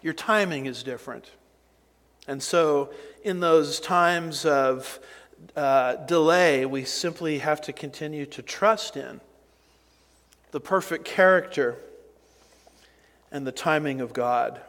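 A man pastor preaching a sermon slowly and deliberately, with emphatic rises and conversational asides. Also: a little high, a bit bright. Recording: long hall reverb.

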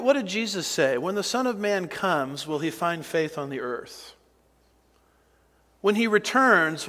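Male pastor, sermon delivery, unhurried, emphatic, reverberant hall. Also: sits high, a bit bright. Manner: slow, deliberate preaching with emphatic rises and asides.

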